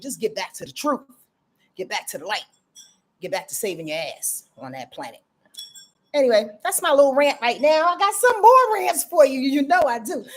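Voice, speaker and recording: A middle-aged woman chatting casually as an astrologer hosting a livestream, greeting viewers by name and ranting freely. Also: a little high. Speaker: astrologer and channel host.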